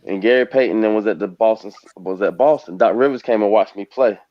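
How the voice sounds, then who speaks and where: A man's voice: on the low side, brisk, no room sound, muffled recording. A man in his forties from the United States, a retired professional basketball player, telling his life story in a rambling way on a panel. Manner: rambling storytelling, gets emotional. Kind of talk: panel conversation.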